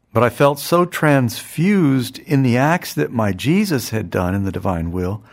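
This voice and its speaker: A man reading a devotional text aloud and explaining it in an earnest, measured way, often repeating phrases. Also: fairly low pitch. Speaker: spiritual teacher.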